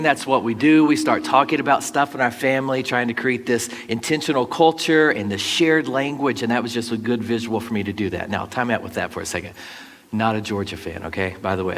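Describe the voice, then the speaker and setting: A pastor telling stories from the pulpit in a relaxed, folksy way, with asides to the congregation. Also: male voice, medium pitch, a little hiss or hum. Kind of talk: conversational storytelling sermon. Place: church sanctuary. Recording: long reverb of a large church hall.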